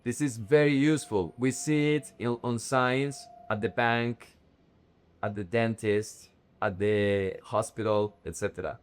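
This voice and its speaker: A young man teaches vocabulary at an unhurried pace. He says each word slowly and carefully, then repeats it in drills. His voice sits at an ordinary middle pitch. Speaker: Spanish teacher. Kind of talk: vocabulary lesson to camera.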